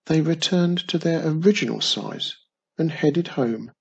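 A woman storyteller reading a children's story aloud in a slow, expressive way. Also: sits low, creaky, husky, rough recording.

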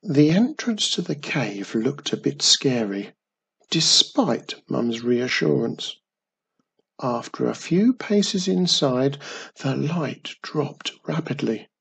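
A man narrating a children's story in a gentle, expressive way. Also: medium pitch, slow, vocal fry, slightly rough.

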